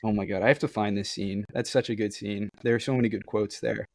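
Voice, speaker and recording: A man's voice: fairly low pitch, steady tone, quick pace, dry recording. A man co-hosting a podcast in a casual book discussion, enthusiastic and laughing often. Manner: enthusiastic, laughs often, reads quotes aloud. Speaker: podcast co-host.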